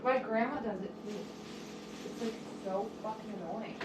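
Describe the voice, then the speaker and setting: A woman's voice: fairly high pitch, moderate pace, heavy background noise. A middle-aged woman vlogging casually from her home kitchen, venting and swearing in frustration. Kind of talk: casual vlog monologue.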